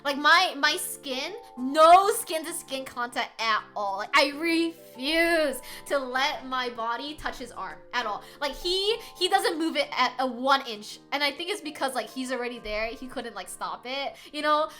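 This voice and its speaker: Bright, lively young woman laughing a lot. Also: sits high, measured pace, hardly any pauses, faint music behind. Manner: animated, laughs often, swears casually. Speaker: livestreamer. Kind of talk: casual storytelling to chat.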